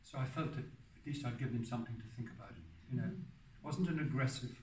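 A man's voice: mid-range voice, quick pace, slight background noise. Older man telling stories in a roomy hall. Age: 70s. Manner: rambling, often restarts and corrects himself. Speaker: hermit giving a public talk. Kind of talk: anecdotal storytelling talk. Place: hall for a public talk. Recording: roomy sound from a distant mic.

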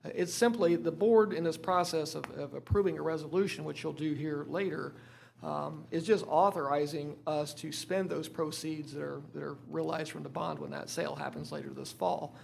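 A man's voice: fairly high pitch, fairly even intonation, moderate pace, creaky, a little hiss or hum. A man, a school superintendent who says he is losing his voice, presenting items at a school board meeting with many filler words and restarts. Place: meeting room.

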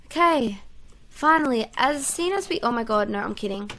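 A high-voiced woman with a bright, sharp tone narrates her game in chatty, excitable commentary. She talks to herself and her viewers as she goes. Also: normal speed. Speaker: gaming YouTuber. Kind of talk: casual let's-play commentary.

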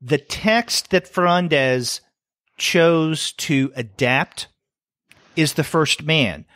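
A man's voice: fairly high pitch, very slow, fairly bright tone, no echo, clean studio sound. A middle-aged man co-hosting a podcast, chatting casually and thinking aloud with fillers and restarts. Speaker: podcast co-host. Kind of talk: casual comics review chat.

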